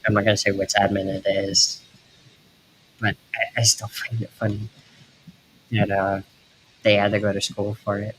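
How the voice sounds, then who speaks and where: Low-voiced man rambling on a live stream. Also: monotone, fairly bright tone, a little hiss or hum, rough recording. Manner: rambling, halting with many fillers. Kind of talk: casual live-stream chat while drawing.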